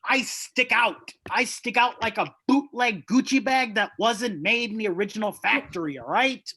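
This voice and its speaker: Brief: comedian man, high crusty voice, bright and forceful, yells then mutters, home laptop sound. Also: normal speed, slightly rough. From Chicago suburbs, USA. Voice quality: crusty, shouty voice. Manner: loud, animated ranting with sudden drops to mumbling asides. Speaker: stand-up comedian. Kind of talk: stand-up set over video call. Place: childhood bedroom. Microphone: laptop mic.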